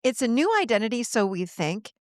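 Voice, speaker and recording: A woman's voice: fairly high pitch, lively intonation, fairly quick, no echo, studio quality. A woman guest on a podcast interview, talking earnestly in a coaching manner and acting out the voices of the people she quotes.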